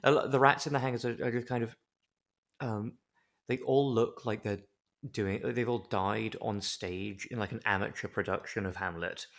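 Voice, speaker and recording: A man's voice: on the low side, moderate pace, vocal fry. Wry man recapping a show. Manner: wry, deadpan, chatty with digressions. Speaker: podcast co-host. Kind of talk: comedic show recap chat.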